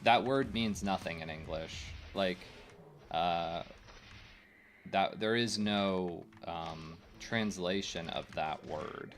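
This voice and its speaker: Faint game music plays behind a young American streamer who talks casually and opinionatedly to his audience, full of fillers. His voice sits low, his pace is slow, and there's slight background noise.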